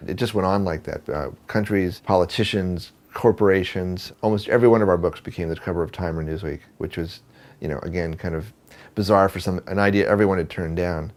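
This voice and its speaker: A photographer telling a story in an interview, speaking conversationally with fillers and restarts. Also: male voice, low-pitched, a little fast. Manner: animated, acts out quoted dialogue. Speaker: photographer and book producer.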